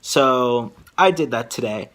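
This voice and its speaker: A young man telling a casual vlog story, rambling and filler-heavy, with animated asides. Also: medium pitch, slow. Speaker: vlogger.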